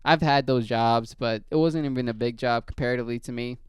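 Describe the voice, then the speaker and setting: A man rambling through a story full of swearing, in a low-key, casual way. His voice is very clear and smooth, with a mid-range pitch. The sound is dry and close. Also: a little fast, no echo. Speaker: podcast host.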